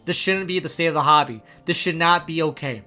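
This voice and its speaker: Man, 30s, angry ranting host, cursing, bright tense voice. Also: a little high, a little fast. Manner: heated, profane, exasperated. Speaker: YouTube host. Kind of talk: ranting commentary.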